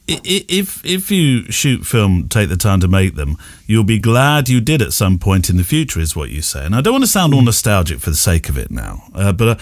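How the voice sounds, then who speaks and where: A man's voice: deep voice, no room sound, clean studio sound. A man, hosting an interview podcast with keen questions, tag questions and frequent restarts. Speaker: podcast host. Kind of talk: casual interview chat.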